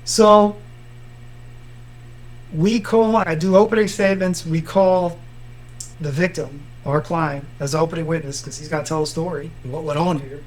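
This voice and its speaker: A man's voice: on the high side, normal speed, long pauses, poor audio. A man with a Miami accent, a lawyer and podcast co-host, telling courtroom stories in a casual chat. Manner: animated storyteller, acts out quotes.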